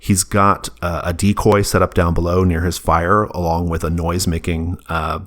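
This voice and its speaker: Low-voiced male game master, easygoing and halting as he narrates scenes. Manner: relaxed, halting descriptive narration.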